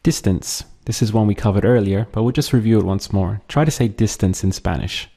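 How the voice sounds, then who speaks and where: Patient man teaching vocabulary, low mellow voice. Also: creaky. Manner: slow, patient, drills words and pauses for repetition. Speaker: language teacher. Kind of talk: language lesson.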